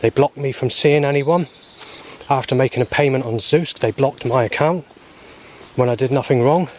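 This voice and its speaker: A man's voice: medium pitch, moderate pace, a little hiss or hum. A man talking straight to camera in a rambling, repetitive way, hesitating and circling back over his points. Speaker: vlogger. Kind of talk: rambling personal monologue.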